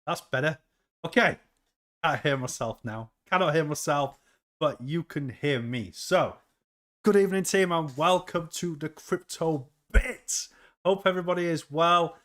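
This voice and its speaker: A man's voice: fairly high pitch, unhurried, fairly bright tone. A man hosting a casual crypto livestream, chatting upbeat and reading viewers' comments aloud.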